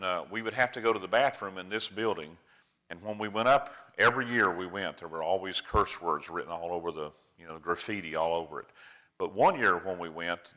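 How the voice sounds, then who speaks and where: Low-voiced older preacher man, punchy bright tone, folksy and chatty with the church folks. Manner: folksy, chatty storyteller addressing the room. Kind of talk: slideshow talk to a congregation.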